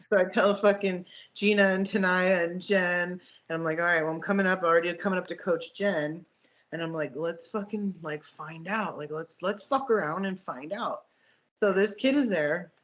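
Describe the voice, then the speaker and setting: A woman's voice: on the low side, dull audio. Breezy, profane woman telling a story. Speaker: podcast co-host, powerlifting coach. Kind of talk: casual storytelling chat.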